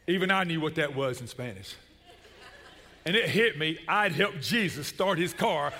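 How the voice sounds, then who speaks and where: Male pastor, middle-aged, lively comic storyteller, bright tone in a reverberant church. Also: fairly high pitch, moderate pace, some chatter behind, a little hiss or hum. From Chattanooga, Tennessee. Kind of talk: sermon with storytelling.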